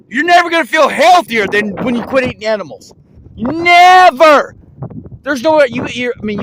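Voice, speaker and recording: A man's voice: sits high, heavy background noise. A man in a rambling, accusatory monologue, firing rhetorical questions at another creator and restarting his sentences often.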